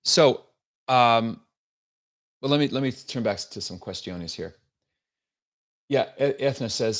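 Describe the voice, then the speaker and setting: A man's voice: mid-range voice, slow pace, long pauses. A male host giving sarcastic, opinionated political commentary on a livestream and reading out viewer comments. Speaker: show host.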